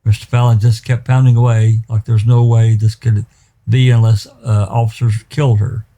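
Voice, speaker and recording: Dark-voiced defense lawyer rebutting in court. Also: male voice, lowish voice, flat delivery, moderate pace. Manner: pointed, emphatic rebuttal with many fillers. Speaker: defense attorney.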